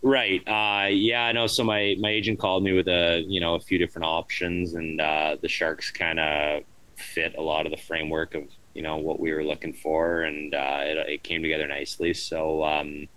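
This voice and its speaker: A man in his thirties, a veteran hockey player, answering interview questions in a relaxed, rambling way, often tagging on "right?". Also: extremely low pitch, normal speed, dry recording, low-quality recording. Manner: laid-back, rambling, frequent "right?" and "you know". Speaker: professional hockey player, guest.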